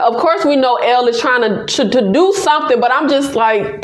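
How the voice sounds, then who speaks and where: A woman recapping a TV episode in an excited, casual way, exclaiming and laughing as she addresses viewers directly. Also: on the high side, moderate pace, few pauses, roomy sound. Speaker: TV episode reviewer.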